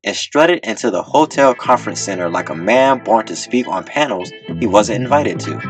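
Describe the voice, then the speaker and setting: A man narrating a comedy audiobook with deadpan comic timing on a close mic. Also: on the low side.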